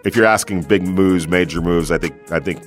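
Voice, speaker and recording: A man's voice: sits low, fairly even intonation, a little fast, faint music behind. A man analyzing football on sports radio, rambling with many fillers and restarts.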